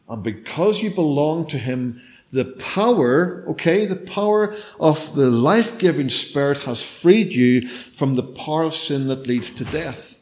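A middle-aged man preaching a sermon, telling a story in turns that range from emphatic to hushed and nearly whispered. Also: mid-range voice, expressive, unhurried. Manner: storytelling, shifts between loud emphasis and hushed near-whispers.

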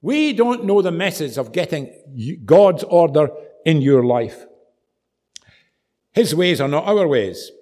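A man preaching a sermon, telling stories with animated, dramatic emphasis. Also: a little high, takes it slowly.

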